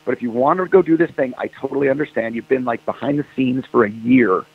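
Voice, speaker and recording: A man's voice: mid-range voice, fast, gravelly, husky. A man, a rock singer, telling stories in a casual interview and acting out phone calls in quoted voices. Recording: dry tinny phone line.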